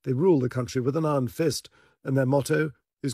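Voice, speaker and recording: Casting note: male correspondent, mid-pitched, measured scripted narration, dry studio sound. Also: steady tone, dark tone, no room sound. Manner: measured, authoritative delivery. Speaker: security correspondent. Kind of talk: scripted news report narration.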